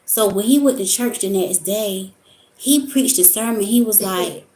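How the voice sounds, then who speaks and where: A woman's voice: a little high, lively intonation, unhurried, darkish tone, a little hiss or hum. A woman vlogger talking casually about spiritual topics in a rambling, storytelling way. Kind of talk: casual monologue. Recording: echoey room.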